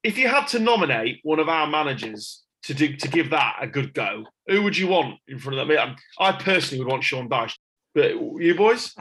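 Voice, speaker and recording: A man hosting a podcast, telling stories in an excitable, jokey way. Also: on the high side, a little fast. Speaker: podcast host. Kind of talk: casual chat.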